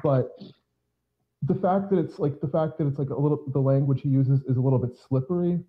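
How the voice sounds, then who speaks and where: A man debating on a voice call, measured but stumbling over his words and repeating himself. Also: mid-range voice, phone-quality sound. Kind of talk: casual political debate.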